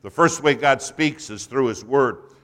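A man preaching a sermon and telling a story, his voice swinging from hushed to loud. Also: mid-range voice, measured pace. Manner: storytelling, animated.

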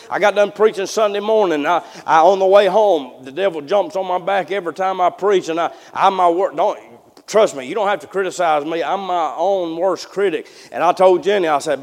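High-voiced preacher in a reverberant church. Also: male voice. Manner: folksy, repetitive restarts, swings from hushed to loud. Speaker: pastor. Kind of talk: sermon. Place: church sanctuary. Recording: long hall reverb.

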